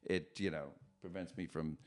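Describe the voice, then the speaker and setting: A middle-aged man, a comedian, talking as a podcast guest, with animated, self-deprecating storytelling. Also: low-pitched, moderate pace. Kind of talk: podcast conversation.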